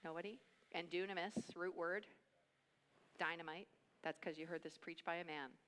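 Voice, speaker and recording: A middle-aged woman preaching a sermon at a family camp in an animated, conversational way, acting out quotes and dropping into hushed asides. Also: on the low side, normal speed, long reverb tail, slight background noise.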